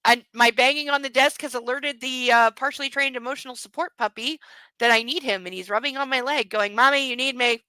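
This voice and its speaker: A woman's voice: high-pitched, a little fast, pushed and bright, clear, resonant tone, dry recording, rough recording. A woman hosting a book club show at home, reading a novel aloud and breaking in with sarcastic, giggly comments and baby talk.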